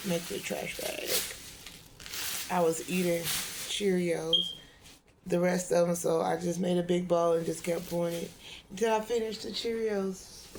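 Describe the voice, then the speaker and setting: A woman's voice: fairly low pitch, flat delivery, normal speed, background noise. A woman tarot reader talking in a loose, rambling monologue, swearing freely and laughing often.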